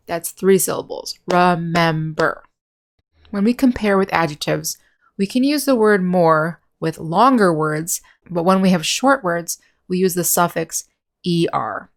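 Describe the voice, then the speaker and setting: A woman English teacher giving a grammar lesson, explaining patiently step by step and slowing down to repeat example words. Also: fairly low pitch.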